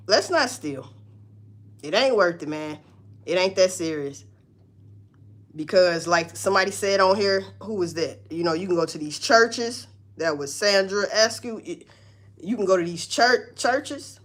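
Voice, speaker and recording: A woman talking bluntly and profanely to her viewers, preaching about work and faith in casual commentary. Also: medium pitch. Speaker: social media commentator. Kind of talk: casual live-stream commentary.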